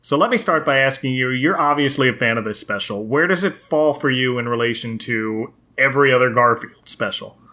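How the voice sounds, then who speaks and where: A man's voice: medium pitch, a little fast, few pauses, bright, forceful tone. A man hosting a podcast, chatting casually and joking, laughing often. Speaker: podcast host.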